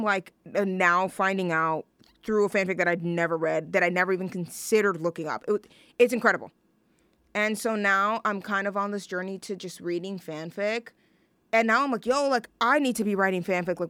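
This is a young woman from New York hosting a show in loose, casual chat. She gushes excitably and leans on slang and filler words. Her voice is smooth and clear, recorded dry with no room sound. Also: mid-range voice, no room sound. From New York, USA. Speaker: show host introducing songs.

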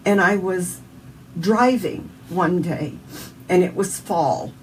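A woman's voice: fairly low pitch, slow pace, a little mellow, recorded from a distance, slight background noise, low-quality recording. A woman with a Southern US accent sharing an earnest, emotional personal faith testimony as an interview guest.

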